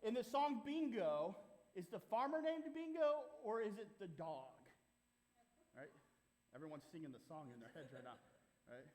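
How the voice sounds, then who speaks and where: A man's voice: a little high, moderate pace, pauses often, darkish tone. A man preaching a sermon as pastor, playful and conversational, putting questions to the congregation in a church sanctuary. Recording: live hall reverb.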